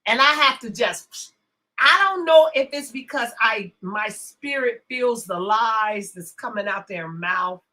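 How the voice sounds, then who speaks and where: A brash woman rants to her livestream chat. Her high, bright voice leaps and dips with lively swings, and she drawls along at an unhurried pace. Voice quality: brash, profane, swings from loud to hushed asides. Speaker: livestream host. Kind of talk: casual livestream rant.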